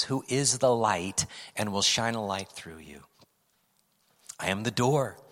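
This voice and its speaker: A middle-aged man preaching a sermon as pastor, swinging from loud emphatic lines down to hushed whispers. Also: on the low side. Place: church sanctuary. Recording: preaching in a hall with long reverb.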